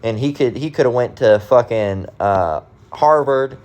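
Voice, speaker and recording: A man's voice: mid-range voice, measured pace, darkish tone. A man giving a religious rant monologue, emphatic, repetitive and profane. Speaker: commentator.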